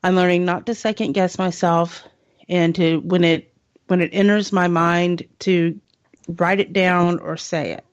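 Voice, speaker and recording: A woman's voice: lowish voice, steady tone, measured pace, no echo. A woman in a casual radio chat, giggly and telling stories. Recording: dull lo-fi radio audio.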